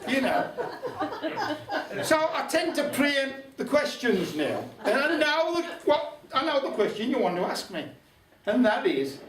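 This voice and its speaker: A man's voice: extremely high pitch, slight background noise. An older man with a Black Country accent telling a humorous folk tale at a folk club, chatty with wry asides. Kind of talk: humorous storytelling to a live audience. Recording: roomy club hall from a distance.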